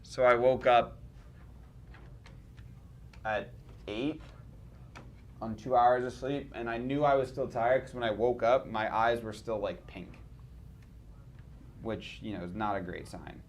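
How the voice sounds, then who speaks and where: A man's voice: mid-range voice, unhurried, pauses often, a little hiss or hum. A man hosting a casual livestream, tired after little sleep and rambling with restarts. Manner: rambling, self-mocking, with many restarts. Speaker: stream host.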